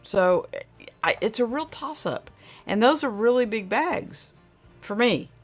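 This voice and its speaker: A woman's voice: a little high, lively intonation, unhurried, soft background music. A middle-aged woman, hosting a casual livestream chat and reading viewer comments aloud in a rambling, friendly way. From Oklahoma.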